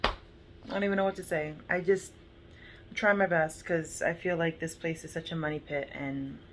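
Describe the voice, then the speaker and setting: A woman filming a vlog walkthrough of her flooded basement, upset and halting as she holds back tears. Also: low voice, steady tone, a little hiss or hum, low-quality recording. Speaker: vlogger, homeowner.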